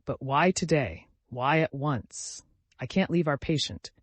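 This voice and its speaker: A defiant young noblewoman near tears, as a male audiobook narrator voices her. His voice lifts higher and louder to carry her strain. The sound is dry and close. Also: measured pace, no room sound. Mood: distressed. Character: proud distressed young woman, defiant and tearful. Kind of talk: audiobook character reading.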